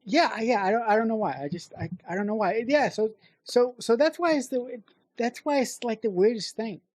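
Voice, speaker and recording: A woman's voice: fairly high pitch, fairly quick, darkish tone, no echo, clean studio sound. Hesitant, rambling woman podcast co-host. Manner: hesitant, rambling with many restarts. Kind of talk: casual movie chat.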